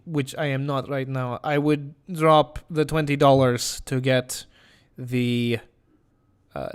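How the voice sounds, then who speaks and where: Guy doing a goofy russian accent on stream, deadpan, kinda high voice. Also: clear, resonant tone. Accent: put-on comedy Russian. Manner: drops articles, deadpan. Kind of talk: live-stream commentary.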